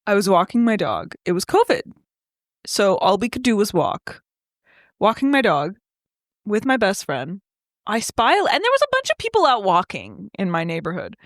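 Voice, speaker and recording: An animated young woman, a podcast co-host, tells a story in casual chat, swearing freely and acting out quoted voices. Her mid-range voice moves at a moderate pace, captured in a dry, studio-quality recording.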